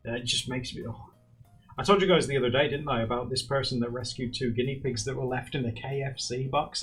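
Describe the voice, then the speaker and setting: Animated young man chatting on a stream. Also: a little fast, faint music behind. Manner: animated, rambling, laughs often, high squeaky bursts. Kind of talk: casual chat while drawing on a livestream.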